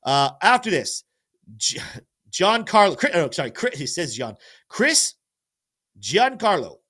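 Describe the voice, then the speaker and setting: A man's voice: high-pitched, big pitch swings, measured pace, sharp tone. A man hosting a live-stream crypto show, energetically talking through charts and addressing his chat, sometimes stumbling over names. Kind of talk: live-stream market commentary.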